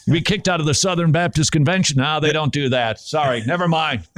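A man's voice: fairly high pitch, brisk, no echo. A man, preaching to the listener on a podcast and pressing the point with rhetorical questions. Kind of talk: preaching-style podcast talk.

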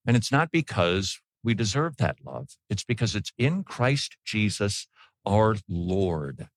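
A man's voice: lowish voice, very animated, takes it slowly, dry recording. A man preaching a sermon to a congregation in a church, emphatic and repeating his key points.

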